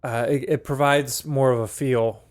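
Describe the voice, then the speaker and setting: A man's voice: medium pitch, steady tone, moderate pace. A man co-hosting a music podcast in casual chat, hesitant with many restarts. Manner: hesitant, lots of ums and restarts. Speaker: podcast co-host.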